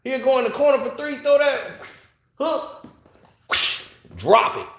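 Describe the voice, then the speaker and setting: A man casually telling stories to camera, animated, laughing often and acting out other people's lines. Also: very high voice, unhurried, muffled recording. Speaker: host. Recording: roomy echo.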